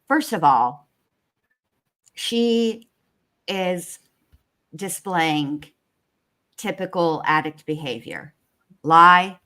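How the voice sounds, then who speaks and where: A woman co-hosting a casual true crime chat, emphatic and sassy, slowing down to land her points. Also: fairly low pitch, sharp tone. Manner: emphatic, sassy, slows for punch lines. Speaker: co-host.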